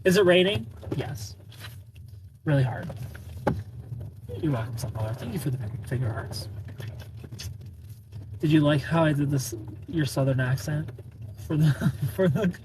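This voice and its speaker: A man's voice: on the high side, expressive, unhurried, pauses often, noisy background. A man chatting on a casual live stream, greeting viewers by name, playful and laughing often.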